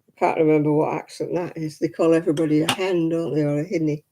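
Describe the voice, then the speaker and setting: A man's voice: a little high, steady tone, fast, a little mellow, slight background noise. A man hosting a crafting livestream, chatting casually with viewers, laughing often and answering comments. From Manchester, England.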